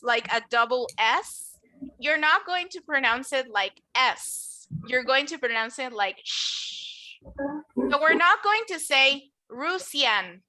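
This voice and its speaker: A woman with a high, bright voice and a forceful tone teaches an English class. She models words for her students to repeat and encourages them as the lesson goes on.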